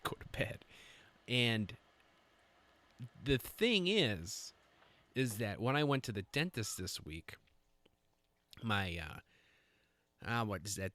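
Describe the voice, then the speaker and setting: Low-voiced man rambling casually. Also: a bit bright, no room sound. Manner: rambling, self-deprecating, lots of fillers and restarts. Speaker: podcast host. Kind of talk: casual chat.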